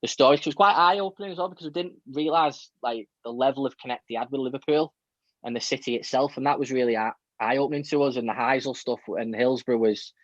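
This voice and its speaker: A man's voice: medium pitch, no echo, muffled recording. A man co-hosting a football podcast in casual, chatty talk. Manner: fast, chatty, many fillers. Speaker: podcast co-host. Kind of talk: casual chat.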